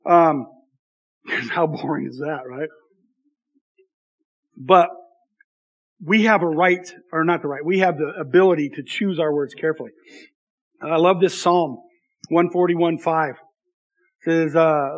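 A man's voice: a little high, measured pace, pauses often, a bit bright. A man in his thirties, a pastor giving a conversational, self-deprecating sermon with frequent asides to the congregation.

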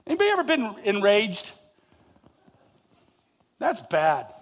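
Male pastor, high voice, animated sermon with jokes and audience questions. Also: slow pace. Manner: animated, acts out reactions with rising and falling loudness; jokey, asks the congregation questions.

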